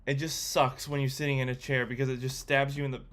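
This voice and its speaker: A young man from Australia chatting casually while learning to code, rambling and quick to get excited. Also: mid-range voice. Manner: rambling, excitable, swears when surprised. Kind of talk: casual chat.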